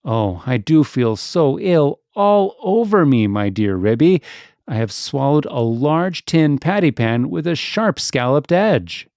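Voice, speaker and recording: A man's voice: fairly high pitch, lively intonation, slow, darkish tone, no echo, studio quality. A man voicing an anxious, fussy female dog guest who whimpers and frets. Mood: wailing.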